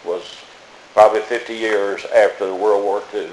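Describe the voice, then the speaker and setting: A man's voice: lowish voice, fairly even intonation, measured pace, a little mellow, a little hiss or hum. Older preacher man in an echoey room. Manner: plainspoken, storytelling, repeats phrases. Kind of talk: folksy sermon.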